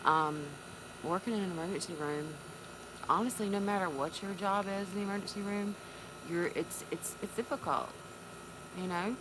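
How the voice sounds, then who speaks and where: A woman from North Carolina, chatting tearfully on a live stream, halting and repeating her words. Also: mid-range voice, steady tone. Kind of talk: emotional live-stream chat. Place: on a porch. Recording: noisy background.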